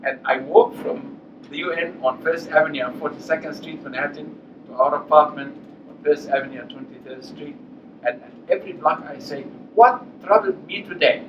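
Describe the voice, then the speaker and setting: A man's voice: fairly high pitch, steady tone, fairly quick. A man in his eighties giving a public lecture at a college, telling personal stories and acting out the dialogue with emphasis. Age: 80s. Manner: anecdotal, acts out dialogue, emphatic. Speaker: guest speaker. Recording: echoey hall, distant mic, dull, noisy.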